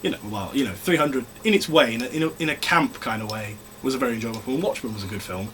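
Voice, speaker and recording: A man co-hosting a casual film review chat, cracking quick wry jokes. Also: medium pitch, a bit bright, a little hiss or hum.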